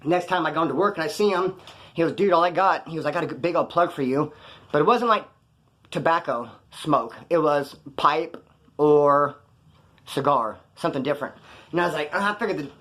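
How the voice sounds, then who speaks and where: Fast-talking man telling rambling prison stories. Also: fairly high pitch. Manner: rambling, slangy, animated retelling with quoted dialogue. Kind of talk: casual storytelling to camera.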